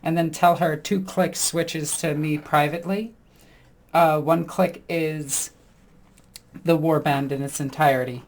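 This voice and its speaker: A woman's voice: low-pitched, steady tone, a little slow, a little mellow. Woman player describing her character's moves. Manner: describes her character's actions in first person, laughs often. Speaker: player and channel host. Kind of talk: casual tabletop role-play. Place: online voice call.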